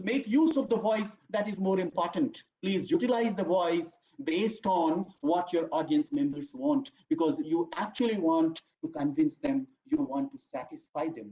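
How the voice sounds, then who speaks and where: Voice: mid-range voice, a little mellow. A lecturer gives an online talk to teachers. The lecturer stresses words firmly, often checks in with the audience, and calls them dear friends. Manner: emphatic, checks in with "fine?", addresses "my dear friends". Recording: roomy, dull lo-fi online audio.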